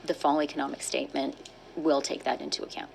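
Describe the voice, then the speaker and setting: A woman from Canada, a finance minister answering press questions in a measured way, pausing with fillers. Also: deep voice, level tone, gravelly, darkish tone, slight background noise, poor audio.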